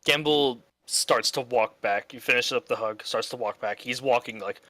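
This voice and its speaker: A man's voice: medium pitch, moderate pace, sharp tone, dry recording. A man chatting casually as a player in a tabletop role-playing game, rambling with loose fillers. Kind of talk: casual tabletop play chat.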